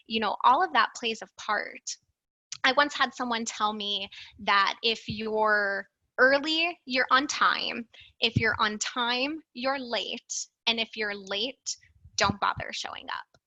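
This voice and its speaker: A woman in her thirties talks through a slide presentation in a loose, conversational way, leaning on fillers and stressing key words. Her voice is bright and forward. It sits close and dry, with no room around it. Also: mid-range voice, no echo, low-quality recording. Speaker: alumni presenter.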